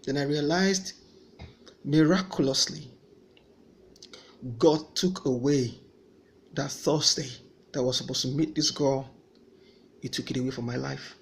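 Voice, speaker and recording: A man's voice: medium pitch, steady tone, unhurried, pauses often, slight background noise. A man giving an earnest personal faith testimony, telling his story and voicing remembered dialogue.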